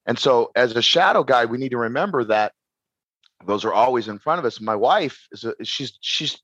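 A man's voice: mid-range voice, normal speed, dry recording, highs cut off. A man, a podcast guest who does shadow work, talking casually, rambling and restarting his sentences. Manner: rambling, repeats words and restarts, animated.

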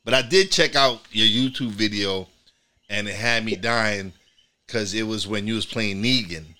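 Man from New York, podcast host, bright tense voice, casual rambling chat, lots of restarts. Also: on the low side, moderate pace. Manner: rambling, many restarts and repeated words.

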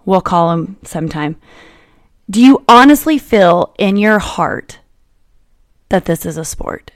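A woman's voice: on the low side, lively intonation, no room sound, studio quality. A woman in her thirties hosting a podcast, chatting casually and teasing her guest. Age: 30s. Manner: teasing, playful, quick to laugh. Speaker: podcast host. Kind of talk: casual chat.

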